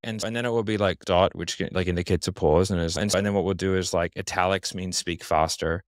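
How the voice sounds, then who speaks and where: A man's voice: sits low, fairly even intonation, fast talker, no room sound, studio quality. A man giving casual interview talk as a podcast guest, confident and blunt, explaining with examples.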